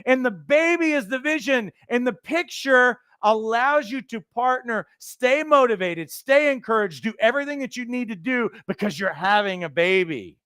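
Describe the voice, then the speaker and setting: A male coach trainer delivers a motivational lesson in a higher-than-usual, smooth and resonant voice. He speaks earnestly, stacking repeated phrases for emphasis. The sound is dry and close, with no room echo. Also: animated, moderate pace, hardly any pauses, fairly bright tone. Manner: acts out quoted voices, occasional restarts. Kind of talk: motivational teaching talk.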